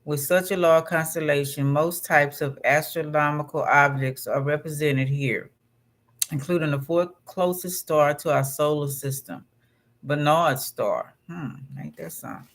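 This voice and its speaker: A man with a slightly high voice reads passages aloud in an unhurried way. He often breaks off into casual asides to his listener. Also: a bit bright. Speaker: vlog host. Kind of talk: reading astrology text aloud and chatting.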